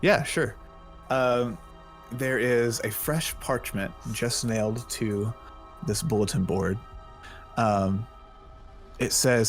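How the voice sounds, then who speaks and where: A man narrating a tabletop game as game master, relaxed and hesitant, with many pauses. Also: mid-range voice, soft background music.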